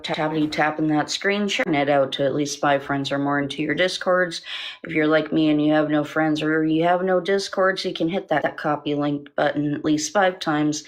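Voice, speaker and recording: A man co-hosting a live stream, relaxed and joking as he reads promotional plugs. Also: a little high. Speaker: co-host. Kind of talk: casual livestream chat.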